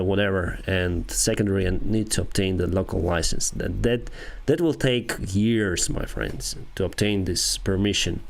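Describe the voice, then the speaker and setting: A man in his thirties with a Ukrainian accent, an airline pilot chatting casually with viewers on a live stream in halting English. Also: low voice. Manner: halting non-native English with restarts and soft laughs.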